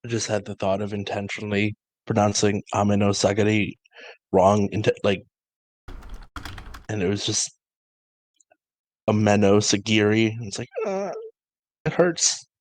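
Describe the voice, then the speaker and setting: Low-voiced man making dry asides. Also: moderate pace, pauses often, a little mellow, dry recording, rough recording. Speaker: podcast co-host watching a game. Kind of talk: casual chat.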